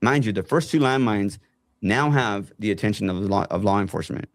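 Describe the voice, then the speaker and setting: Gravelly low-voiced man telling a story. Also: a little fast, dry recording, studio quality. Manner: animated retelling, acts out other people's lines. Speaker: guest telling his story. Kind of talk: casual storytelling.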